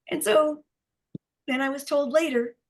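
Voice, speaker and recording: Middle-aged woman, healing practitioner, casual group chat, lively storyteller with frequent laughs and restarts. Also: high-pitched. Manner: animated storyteller, laughs often, many restarts.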